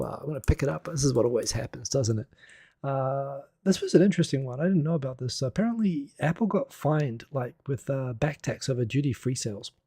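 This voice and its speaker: A man hosts a casual live stream with a gravelly, slightly husky voice. He rambles and laughs as he talks through stories, and the sound is dry and close with little room behind it. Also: mid-range voice, mellow, no echo. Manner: rambling, chatty, laughs often, many fillers and restarts. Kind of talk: casual news commentary.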